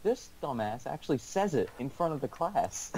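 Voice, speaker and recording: A man's voice: mid-range voice, sing-song, normal speed, mellow, slight background noise. A teenage boy casually telling a school story over a call, rambling with lots of restarts and laughs. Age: teens.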